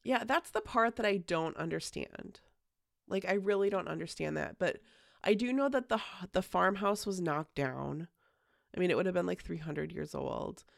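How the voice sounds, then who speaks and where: A chatty woman hosts a podcast and tells a story in a loose, casual way, dropping "like" often and swearing now and then. Her voice has a heavy gravelly fry, and the sound is dry and close. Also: lowish voice, animated, moderate pace, no echo. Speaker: podcast host.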